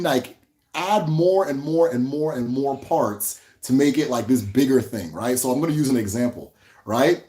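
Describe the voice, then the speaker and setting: A man's voice: mid-range voice, dark tone. A man giving a loose, conversational language lesson, repeating words for emphasis and laughing often. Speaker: Igbo language teacher. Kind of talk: casual livestream lesson.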